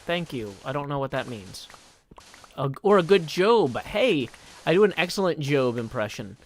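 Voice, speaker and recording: A man's voice: mid-range voice, very animated, normal speed. A man casually chatting on a live stream while he plays, joking and reading viewer messages aloud.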